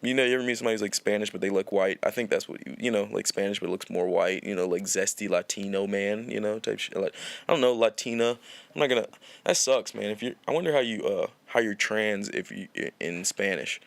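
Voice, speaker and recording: A man's voice: lowish voice, fast, creaky, no room sound. A young man hosting a podcast, telling a long story in a rambling, profane way with many restarts. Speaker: podcast host. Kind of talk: casual storytelling.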